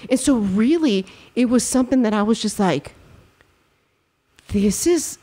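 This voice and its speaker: A young woman in casual podcast chat, telling a lively personal story and acting out what people said. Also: on the high side, a little slow. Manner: animated storytelling, acts out quotes, laughs often. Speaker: podcast host.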